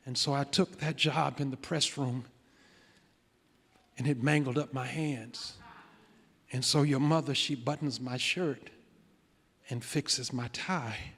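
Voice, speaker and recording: A man voicing his aging working-class father within a sermon, slow, subdued and heavy. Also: medium pitch, fairly even intonation, a bit bright, slightly rough, exaggerated voice. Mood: weary. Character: weary aging working father, quiet and proud. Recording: long church hall reverb.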